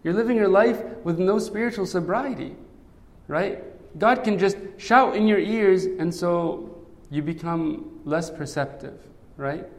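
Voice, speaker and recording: A man's voice: high-pitched, measured pace. A man preaching a sermon in a conversational way, often checking in with "right?". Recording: long hall reverb.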